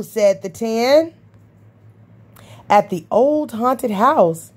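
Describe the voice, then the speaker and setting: Reading a rhyming picture book aloud, a woman uses a sing-song rhythm with big pitch swings, leaping high for the creature calls. Her pace is slow and her voice a little mellow.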